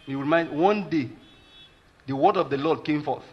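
A man's voice: fairly high pitch, unhurried, pauses often, breathy edge, muffled recording. A man with a Nigerian accent preaching a sermon as a pastor, emphatic and repeatedly checking that listeners follow his point, with Pidgin asides.

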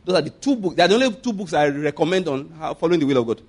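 A man with a Nigerian accent preaching a sermon, animated, asking rhetorical questions and chuckling often. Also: a little high, racing, husky.

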